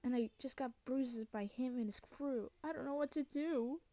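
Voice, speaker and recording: A woman voicing a kind, soft-hearted young female mermaid who drawls and says y'all, in a fan voice-acting story. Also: high-pitched, normal speed, dry recording, lightly acted. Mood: sad, troubled.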